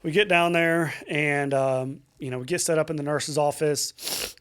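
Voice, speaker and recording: A young adult man, a podcast guest, telling a painful personal story in a halting, emotional way with many fillers, restarts and swearing. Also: a little high, steady tone, fairly bright tone, clear, resonant tone.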